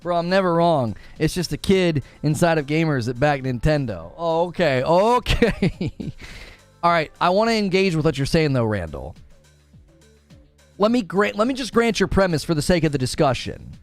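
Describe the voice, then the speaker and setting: Lively, animated male gaming streamer. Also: a little high, moderate pace, dry recording, soft background music. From Northern Ohio. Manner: laughing often, teasing chat, animated. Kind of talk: casual live-stream chat.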